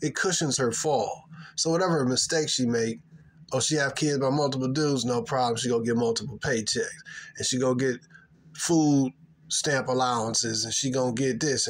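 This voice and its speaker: Aave guy ranting casual to the camera, emphatic, lotta slang, rambles on. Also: medium pitch. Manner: rambling, emphatic, slangy, mocking put-on voices. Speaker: vlogger giving opinions. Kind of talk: casual monologue.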